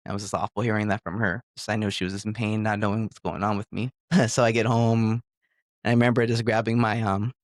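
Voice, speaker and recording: A man's voice: lowish voice, flat delivery, fast, no echo, studio quality. A middle-aged man giving a personal testimony as a podcast guest, rambling and emotional, with nervous laughs and restarts.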